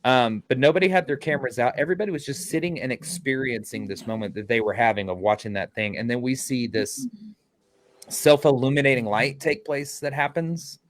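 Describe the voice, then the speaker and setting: A man's voice: mid-range voice, a little fast. A man with a mid-range voice telling a ghost-hunt story on a podcast. He talks casually and animatedly and acts out the lines of the people in the story. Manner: animated retelling, acting out quotes. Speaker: paranormal investigator.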